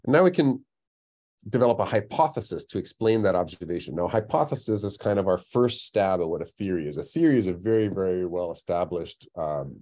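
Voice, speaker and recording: This astronomy lecturer, a middle-aged man, presents a public science webinar in a loose, conversational style with frequent fillers and restarts. A computer mic captures his low-pitched, dark-toned voice.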